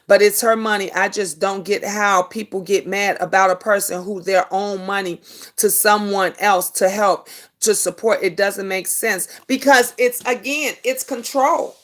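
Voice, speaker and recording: A woman's voice: medium pitch, fairly even intonation, measured pace, a bit bright. A middle-aged woman hosting a casual live stream. She answers viewer comments in an emphatic, preachy way and repeats her points. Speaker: livestream host.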